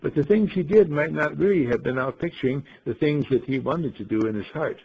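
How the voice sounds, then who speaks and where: A man leading a group in a folksy storytelling talk, asking rhetorical questions and often clearing his throat. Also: on the high side, brisk, lo-fi sound. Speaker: group leader telling a story.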